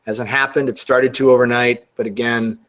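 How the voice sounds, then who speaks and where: A man's voice: mid-range voice, flat delivery, moderate pace, a bit bright. A middle-aged man giving a forex trading webinar, talking casually with sarcastic asides and frequent restarts. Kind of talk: webinar market commentary.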